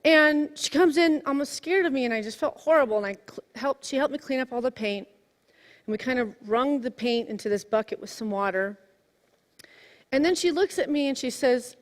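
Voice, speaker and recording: A woman in her forties giving a sermon, telling a personal story in a lively way that swings from hushed to exclaiming. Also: high-pitched, normal speed. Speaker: minister. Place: church sanctuary. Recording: long hall reverb.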